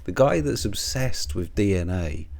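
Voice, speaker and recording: A man's voice: fairly low pitch, expressive, unhurried, vocal fry, a little mellow. A man rambling sarcastically in a monologue, swearing freely and chuckling between jabs. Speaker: commentary video host.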